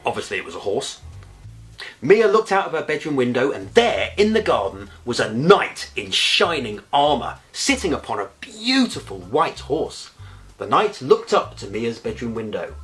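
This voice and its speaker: A man reads a bedtime story aloud in a playful, expressive way and drops in comic asides. His voice is animated and moves up and down freely, at a middling pitch. Faint music plays underneath. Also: moderate pace.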